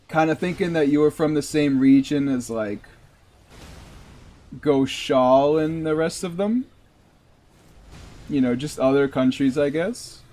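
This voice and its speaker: In a fairly high, darkish voice, a male game streamer keeps up loose, meandering commentary. He leans heavily on the word "like" as he talks.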